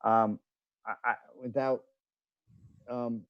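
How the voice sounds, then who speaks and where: A man's voice: medium pitch, level tone, slow, dry recording, highs cut off. A man co-hosting a casual talk show, wisecracking and teasing the others. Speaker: co-host. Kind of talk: casual chat.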